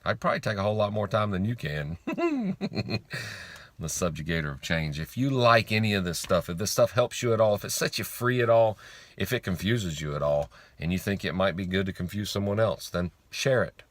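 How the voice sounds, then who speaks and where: Sitting low and moving fairly quickly, a man talks online about faith and money in an informal motivational monologue. He repeats lines for effect, swears casually, and keeps it blunt and emphatic.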